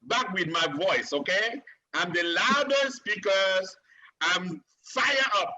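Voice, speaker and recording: A man with a very high, piercingly bright voice delivers a fervent motivational speech over a video call. He chants slogans and rallies his listeners. The audio is dull and lo-fi. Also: expressive, slow pace. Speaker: transportation engineer giving a speech.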